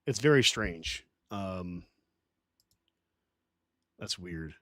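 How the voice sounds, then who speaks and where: A man's voice: low voice, lively intonation, drawn-out words, sharp tone, no echo, studio quality. A man hosting a casual livestream, talking to his chat in a rambling, defensive way and swearing often. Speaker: livestream host.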